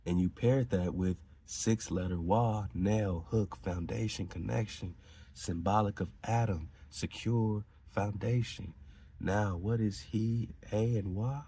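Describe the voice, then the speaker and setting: A man's voice: lowish voice, fairly even intonation, slow, warm tone, slightly rough. A man hosting a podcast who reads out and riffs on esoteric lore in an emphatic, preaching way. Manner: emphatic, preachy, laughs between lines. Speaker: podcast host. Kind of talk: reading aloud and riffing on esoteric lore.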